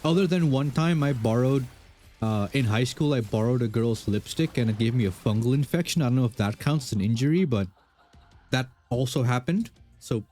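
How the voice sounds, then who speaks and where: A man's voice: mid-range voice, a little fast, warm tone, soft background music. A young man streaming a game, casually rambling through questions with lots of fillers and self-deprecating asides. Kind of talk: casual chat while gaming.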